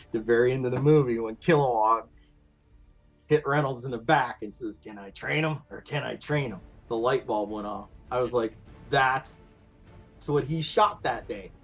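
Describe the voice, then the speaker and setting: A man telling stories casually as a podcast guest, animated, acting out quoted voices and laughing often. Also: medium pitch, moderate pace, muffled recording, soft background music. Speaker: guest, prop and costume maker. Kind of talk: casual storytelling in a podcast interview.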